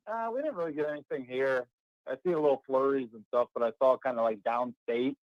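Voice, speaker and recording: Relaxed male caller, mid-pitched, dull dry phone sound. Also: fast talker, dry recording. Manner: easygoing, hedging with fillers. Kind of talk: casual call-in chat.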